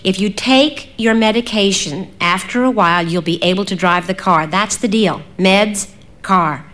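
A woman voicing a controlled middle-aged mother who speaks emphatically and briskly. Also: medium pitch, fairly bright tone, natural voice. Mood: firm.

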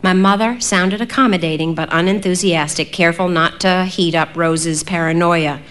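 A young adult woman narrating an audiobook in a measured, reflective way. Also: on the low side, fairly even intonation, fairly bright tone. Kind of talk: audiobook reading.

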